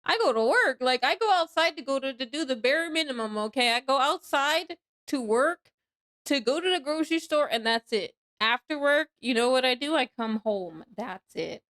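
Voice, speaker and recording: High-pitched young woman streamer, giggly, squeaks when surprised, chats with chat. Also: animated, moderate pace, a bit bright. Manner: laughs a lot, squeals when startled, then drops to mumbling. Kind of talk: casual live-stream chat with viewers.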